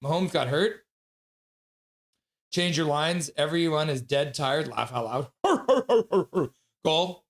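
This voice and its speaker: Chatty male streamer, slightly higher voice. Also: slow pace, long pauses. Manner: reads chat aloud with frequent laughs and excited outbursts. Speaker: livestream host. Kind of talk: casual live-stream chat.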